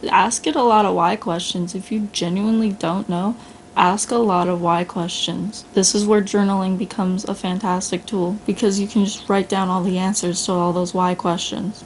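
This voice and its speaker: Blunt, gravelly-voiced woman giving a pep talk. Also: medium pitch, slight background noise, poor audio. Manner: blunt, earnest, casual, addresses listener as "you". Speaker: vlogger. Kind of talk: motivational self-talk monologue.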